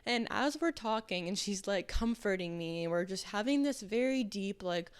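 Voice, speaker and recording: A woman's voice: medium pitch, lively intonation, normal speed, clean tone, no echo. A young adult woman hosting a podcast, telling candid stories in a chatty way and acting out what people said. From Arizona, US. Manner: chatty and candid, heavy "like" filler, acts out quoted people. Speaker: podcast host. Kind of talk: casual solo podcast monologue.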